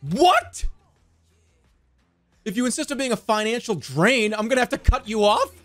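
A man streaming a game with excitable commentary, laughing and swearing often. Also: extremely high pitch, fast, soft background music. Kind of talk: casual gameplay commentary.

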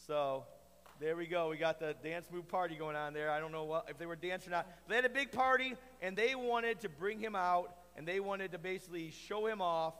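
Brief: high-pitched male kids' church teacher, playful storyteller, echoey hall sound. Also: brisk, clear, resonant tone. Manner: playful, animated, asks the kids questions. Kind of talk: kids' Bible lesson.

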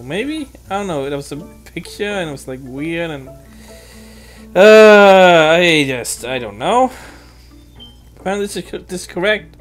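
A young woman giving let's play commentary, muttering to herself and cursing in frustration at a puzzle. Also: fairly low pitch. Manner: exasperated, swearing, muttering to herself. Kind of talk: video game commentary. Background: faint game music.

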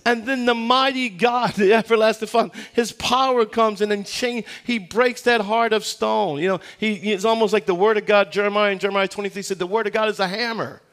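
A high-voiced man delivers a sermon as a guest pastor. He tells stories with acted-out voices and leans into slow, weighty phrasing on key points. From United States. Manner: animated storytelling, acts out voices in anecdotes; preaching with dramatic slowdowns on key phrases.

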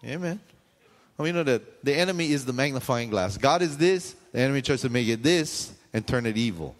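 A male pastor preaching in a church hall, his voice trailing off in a long reverb. He keeps it conversational, tossing jokes and quick questions to the congregation. His pitch sits in an ordinary middle range. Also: expressive. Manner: conversational, joking asides to the congregation; frequent questions and call-outs to the audience. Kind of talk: sermon.

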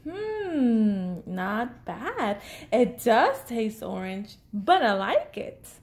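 A woman's voice: a little high, very animated, drawn-out words, exaggerated voice. A woman voicing a fussy, picky young male bird in a storybook, making grudging, wry remarks.

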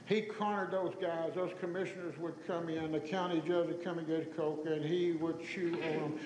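A Texan man in his sixties telling folksy stories to an audience, animated and chuckling as he acts out the people in them. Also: sits high, fairly quick. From Tyler, Texas. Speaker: storyteller giving an oral history. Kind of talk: folksy anecdotal talk to an audience. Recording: echoey hall recording with faint noise.

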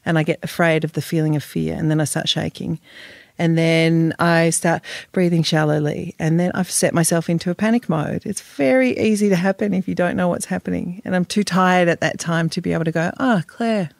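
A woman's voice: lowish voice, fairly even intonation, a little fast, creaky, no room sound, clean studio sound. A woman, speaking frankly and emotionally as a podcast guest, swearing and laughing now and then. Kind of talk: candid podcast interview.

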